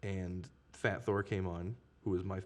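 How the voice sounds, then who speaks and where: A young man guesting on a podcast, telling stories about movies in a relaxed, enthusiastic way. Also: low voice, measured pace. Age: young adult. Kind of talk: casual chat.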